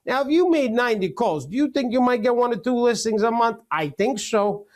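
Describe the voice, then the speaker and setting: Brief: middle-aged male coach on a webinar call, high voice, fast joking delivery. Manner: energetic, joking, rapid-fire. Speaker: real estate coach. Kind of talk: webinar teaching.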